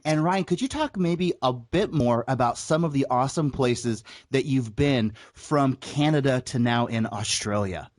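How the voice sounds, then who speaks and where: A man's voice: mid-range voice, normal speed, few pauses, no echo, clean studio sound. A man hosting an interview podcast, asking his guest chatty, playful questions. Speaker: podcast host.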